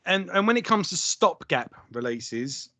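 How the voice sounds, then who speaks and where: A man's voice: high voice, big pitch swings, a little slow, pushed and bright, dry recording. A man co-hosting a podcast, telling stories in a sweary, chatty way with plenty of laughter. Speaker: podcast co-host. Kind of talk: casual chat. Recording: dry, slightly dull lo-fi sound.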